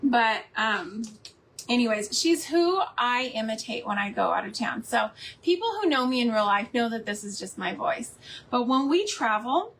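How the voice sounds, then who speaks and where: A woman's voice: on the high side, expressive, moderate pace, fairly bright tone, a little hiss or hum. A woman hosting a live crafting stream from her home, chatting in a rambling way and laughing often. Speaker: craft livestream host. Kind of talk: casual chat while crafting live.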